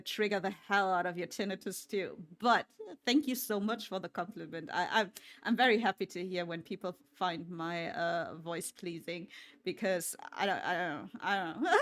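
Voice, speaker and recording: A woman's voice: medium pitch, normal speed, fairly bright tone. A woman streamer chatting casually with her viewers, swearing freely and laughing often. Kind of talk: casual chat.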